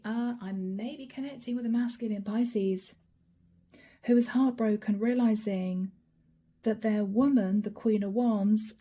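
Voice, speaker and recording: A woman giving a channeled tarot reading in a hoarse, raspy voice that is fading, speaking softly with whispered asides. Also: a little high. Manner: soft-spoken with whispered asides. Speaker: tarot card reader.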